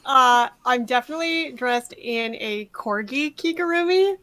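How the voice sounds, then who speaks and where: A woman player who describes her character in a slow, halting way during a tabletop game. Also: high-pitched, pushed and bright, no room sound.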